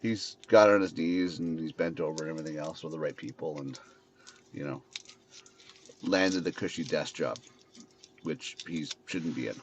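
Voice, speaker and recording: A man's voice: rumbling low, normal speed, pauses often. A man hosting a podcast, venting bitterly and swearing in an unscripted monologue while driving. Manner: bitter, venting ranting with profanity. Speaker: podcast host. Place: in a car. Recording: dull lo-fi sound with faint noise.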